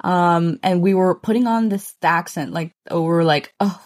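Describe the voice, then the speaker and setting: Lower-voiced woman telling a rambling story. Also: normal speed, darkish tone, no room sound. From Chicago. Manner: rambling storyteller, dry self-mocking humor. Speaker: podcast co-host. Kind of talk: casual chat.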